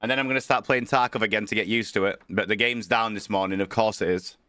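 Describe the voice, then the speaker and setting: A man's voice: fairly low pitch, steady tone, quick pace, pushed and bright, no echo. A man streaming from home with a worsening cold, chatting casually, greeting viewers by name and swearing freely. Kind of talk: casual livestream chat.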